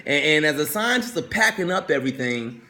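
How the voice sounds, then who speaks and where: A male coach with a slightly high, expressive, pushed and bright voice tells a story in a motivational talk, speaking a little fast. He's conversational, repeats words, and keeps checking in with "right?"; a little hiss or hum is audible.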